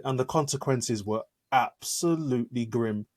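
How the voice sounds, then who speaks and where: A man's voice: mid-range voice, fairly quick, few pauses. A man co-hosting a podcast in casual chat, explaining things in a storytelling way. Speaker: podcast co-host.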